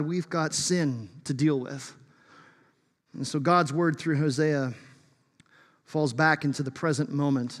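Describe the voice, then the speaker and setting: A man preaching a sermon as pastor, emphatic and shifting between loud bursts and hushed asides. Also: a little high. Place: church sanctuary. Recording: long reverb of a large hall.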